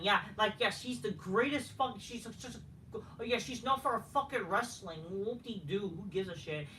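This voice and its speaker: A man's voice: sits high, sharp tone. Man, casual reviewer, profane and dismissive, slightly distant mic, faint hiss. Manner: profane, dismissive, sarcastic ranting. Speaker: wrestling show reviewer. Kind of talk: casual solo review rant.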